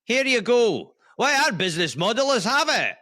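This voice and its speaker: A man puts on a high-pitched Scottish shopkeeper who pushes goods on everyone for free. His voice swings up and down, bright and lively. The sound is dry and close. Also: moderate pace, dry recording, heavily acted. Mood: eager. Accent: put-on Scottish. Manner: pushy, giving everything away. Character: overly generous Scottish male shopkeeper.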